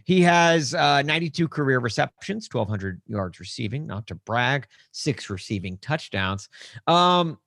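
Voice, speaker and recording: A man cohosts a sports podcast in loose, rambling banter and slips into higher voices for mock dialogue. His voice sits in a middle pitch. The sound is close and dry. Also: lively intonation, unhurried, creaky, fairly bright tone, no echo. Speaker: podcast co-host.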